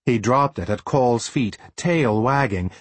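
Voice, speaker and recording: Male audiobook narrator, husky voice, lively expressive pitch, dry close sound. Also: a little slow, no echo. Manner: expressive storytelling. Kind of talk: scripted narration.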